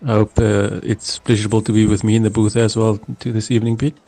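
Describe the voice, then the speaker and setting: A man chats as co-commentator in a race booth. He talks casually and a little haltingly, keeping things light. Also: lowish voice, flat delivery, mellow.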